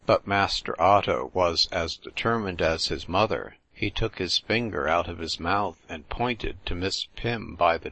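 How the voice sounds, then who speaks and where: A man narrating an audiobook in a measured, deliberate reading. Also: deep voice, sharp tone, dry recording.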